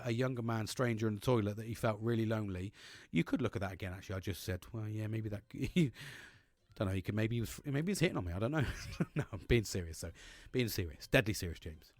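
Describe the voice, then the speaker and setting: This is a man, talking straight into a podcast mic. He speaks frankly, swears freely and often laughs between thoughts. His voice sits at an ordinary male pitch and sounds dry and close. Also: no room sound. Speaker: podcast host. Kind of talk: casual monologue.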